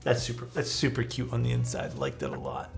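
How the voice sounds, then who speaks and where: A young man talks casually to his stream chat as he works, easygoing and quick to poke fun at himself. His voice sits in a middle register. Quiet music plays faintly behind him. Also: mid-range voice, big pitch swings, creaky. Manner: laid-back, chatty, reads chat aloud, self-deprecating. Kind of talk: casual live-stream chat while building a keyboard.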